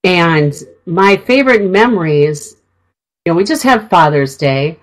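A middle-aged woman from Minnesota chatting on a radio show into a studio mic. Her voice sits a bit low but swings widely as she tells a rambling story full of fillers and restarts. She sounds congested from a sinus infection and keeps clearing her throat. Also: expressive, unhurried, poor audio. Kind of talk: casual chat.

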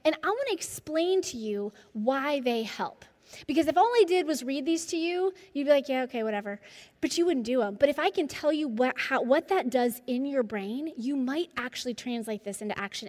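High-voiced counselor lady talking to a group, animated, lots of questions to the crowd, hall reverb. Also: moderate pace. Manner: animated, asks the audience questions. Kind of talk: presentation to a group.

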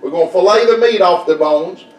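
A preacher with a high, ringing voice works the congregation in a folksy, repetitive call-and-response style. He is caught from a distance, and the church room echoes around every phrase. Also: a little fast. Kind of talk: Southern Baptist sermon. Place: church sanctuary.

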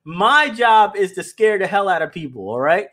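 Brief: high-pitched man, casual livestream host, animated and direct with his audience. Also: moderate pace. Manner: animated, talks straight to viewers, repeats words. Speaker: animation company founder hosting a livestream.

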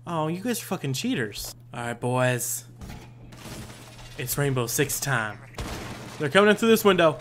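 A young man narrates his own gameplay in a lively, up-and-down voice that jumps high when things go wrong. He swears freely and mocks himself with quick laughs. A faint hiss of noise sits under the desk-mic recording. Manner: excitable, swearing, yelps and self-mocking laughs. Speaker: gaming YouTuber. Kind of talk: let's play commentary.

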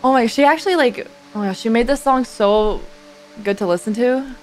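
A woman streamer reacting casually to a song, effusive and excitable and swearing freely. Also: fairly high pitch, a little fast, soft background music.

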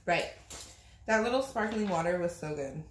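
Bubbly female mukbang host, lively sing-song pitch, chatty and giggly, echoey room. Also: normal speed, a little hiss or hum. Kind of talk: casual chat while eating. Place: indoors on a couch.

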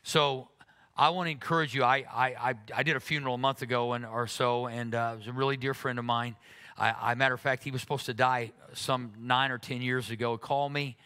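A man's voice: medium pitch, fairly even intonation, a little fast, sharp tone, smooth. A man preaching a sermon as pastor, earnest, often repeating words when he is moved. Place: church sanctuary.

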